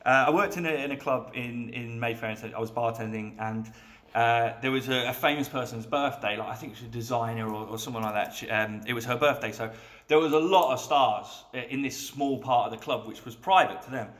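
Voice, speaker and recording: A man's voice: mid-range voice, fairly quick. A man telling bartending anecdotes in a casual chat, acting out the voices of people in his stories. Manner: animated storyteller, acts out quoted voices. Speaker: guest bartender. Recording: roomy echo.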